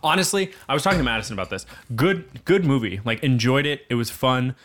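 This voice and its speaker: Man, podcast host, casual chat, laughs a lot, rambling, mid-pitched voice. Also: fast talker, a little hiss or hum. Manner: laughs often, rambling and animated.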